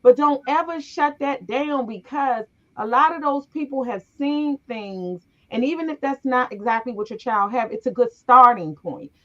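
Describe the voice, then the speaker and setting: Here a middle-aged woman, a podcast host, chats and tells family stories in a high-sitting voice at normal speed with few pauses. Animated, she performs the voices of the people in her tales, all on a muffled, lo-fi recording.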